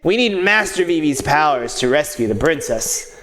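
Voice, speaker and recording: A man doing a pompous gruff knight captain. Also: on the high side, very animated, normal speed, a bit bright, rough recording. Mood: stern.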